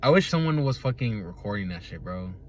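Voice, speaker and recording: A man's voice: lowish voice, sing-song, brisk, slight background noise. A young man hosting a podcast, rambling casually in a profane, laid-back way, often laughing and tagging his thoughts with "right?". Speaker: podcast host.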